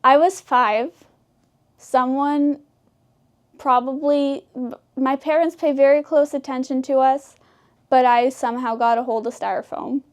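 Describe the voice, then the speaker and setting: A teenage girl in an interview, telling funny stories about her brother, chatty and quick to laugh. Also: sits high, steady tone. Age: teens. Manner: giggly, chatty, quick asides. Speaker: interviewee, high school senior. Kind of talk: casual interview storytelling.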